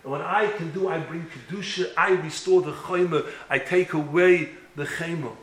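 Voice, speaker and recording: Man, rabbi, sermon, impassioned, bright voice, roomy echo. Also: fairly high pitch, normal speed. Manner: impassioned, builds to emphatic peaks.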